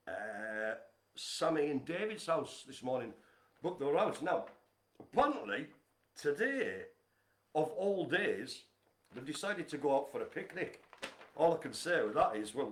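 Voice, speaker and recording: A man hosting a casual live stream from home, chatty and teasing as he gives shout-outs. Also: medium pitch, echoey room. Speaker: livestream host. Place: home apartment.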